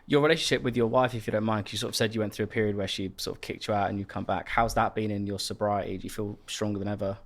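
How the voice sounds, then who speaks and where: A man's voice: lowish voice, steady tone, racing, few pauses. A man hosting a podcast, asking questions in a supportive, informal manner. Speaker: podcast host. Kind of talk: casual interview chat.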